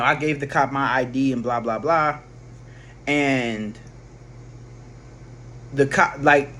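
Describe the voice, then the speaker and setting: A man's voice: a little high, fairly bright tone. A man casually telling a personal story, rambling with slang, swearing and frequent restarts. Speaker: vlogger.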